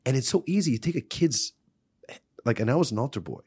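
A man in casual podcast chat, swearing freely and telling animated stories. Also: mid-range voice, fast talker, breathy edge. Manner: swearing, animated storytelling with acted-out quotes. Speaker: podcast guest.

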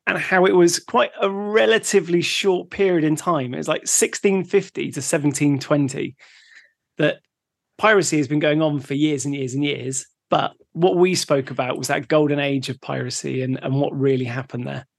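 A man's voice: fairly high pitch, moderate pace, creaky, no room sound, studio quality. A man co-hosting a podcast in easygoing casual chat, chatty and laughing along. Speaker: podcast co-host.

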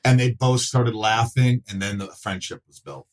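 A man in his fifties, a guest on a chat show, telling stories in a lively way, acting out quoted voices and swearing freely. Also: lowish voice, moderate pace. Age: 50s. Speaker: actor and podcast guest. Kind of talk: casual interview chat.

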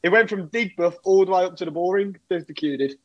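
A man's voice: high-pitched, fast talker, highs cut off. A man chatting as a fan contributor on a podcast, rambling and hedging with "to be honest". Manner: rambling, keeps saying to be honest. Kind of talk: casual podcast chat.

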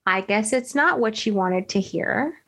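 A young woman co-hosting a podcast, telling a story in an animated, slangy way with lots of "like" into a desk microphone. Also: mid-range voice, measured pace, creaky. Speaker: podcast co-host. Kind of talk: casual chat.

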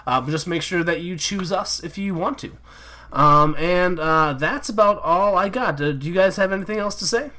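A man's voice: high voice, normal speed, sharp tone. A man hosting a casual podcast outro, rambling with lots of fillers. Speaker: podcast host.

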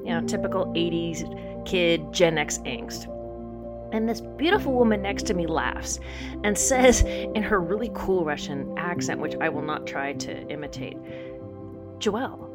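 A woman in her forties from Southern California, hosting a podcast with lively, playful scripted storytelling. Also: fairly low pitch. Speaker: podcast host.

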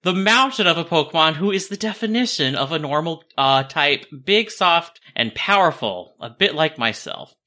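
A man's voice: on the high side, lively intonation, moderate pace, hardly any pauses, pushed and bright. A man co-hosting a podcast in casual chat, reading listener emails aloud and laughing often. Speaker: podcast co-host.

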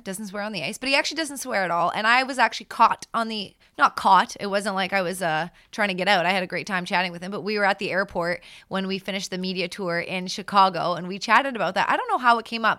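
A woman's voice: medium pitch, fast, hardly any pauses. A young woman co-hosting a sports podcast, chatting energetically and casually. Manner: chatty, energetic, lots of fillers and restarts.

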